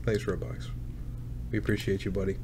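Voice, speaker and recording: A man's voice: on the low side, little pitch movement, fairly quick, darkish tone, slight background noise. Man hosting podcast, laid-back, swears a lot, reads chat comments. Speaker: podcast host reading chat. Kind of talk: casual chat.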